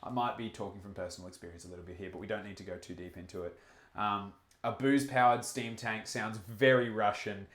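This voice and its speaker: A man's voice: lowish voice, steady tone, brisk, fairly bright tone, echoey room. A man with an Australian accent hosting a live stream, chatting casually with many fillers and restarts and reading out chat comments. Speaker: livestream host.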